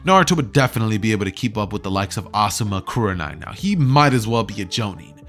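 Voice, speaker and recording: A man's voice: on the low side, animated, fast talker, fairly bright tone. A young man casually retelling a fan story as a YouTuber. He rambles and fills his talk with "like" and "you know".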